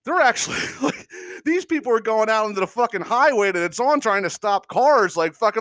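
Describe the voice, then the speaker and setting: In a high-pitched, brisk voice with no echo, a middle-aged man rants casually on his podcast. He's an animated storyteller, profane throughout and frequently breaking into laughter for comic effect.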